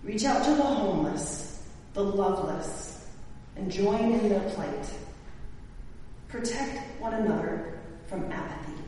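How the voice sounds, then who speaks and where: A woman pastor preaching a sermon, slow and emphatic, now and then rising to an exclamation. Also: mid-range voice, animated, mellow, a little hiss or hum. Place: church sanctuary. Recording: echoey church hall from far off.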